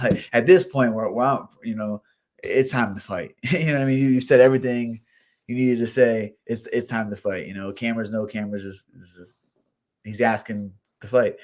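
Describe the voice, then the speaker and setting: Low-voiced man telling stories loosely. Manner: loose storytelling with many restarts and repeated words. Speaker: professional fighter guest. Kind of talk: casual interview chat.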